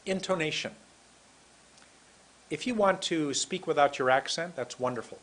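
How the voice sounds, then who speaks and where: A man with a husky, slightly breathy voice teaches pronunciation at an unhurried pace. He says single words slowly and clearly, pausing for the listener to repeat them. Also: on the high side, a bit bright, low-quality recording. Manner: slow, deliberate, drills single words aloud. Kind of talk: recorded lesson.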